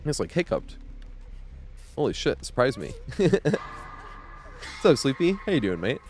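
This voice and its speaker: A man's voice: mid-range voice, big pitch swings, slow, over music. A man streaming live gameplay, rambling in casual commentary, swearing and laughing often. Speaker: game streamer.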